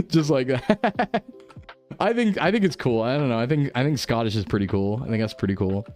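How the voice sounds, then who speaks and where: A young American man chatting casually with his stream viewers, excitable and loose, full of "like" and "bro". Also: mid-range voice, a little fast, faint music behind. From United States. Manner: animated, excitable, lots of "like" and "bro".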